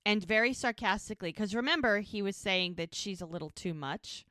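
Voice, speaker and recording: A woman co-hosting a podcast, retelling the scenes of a TV episode in a lively, chatty way. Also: medium pitch, fairly quick, no echo, clean studio sound. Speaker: podcast co-host. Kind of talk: casual episode recap chat.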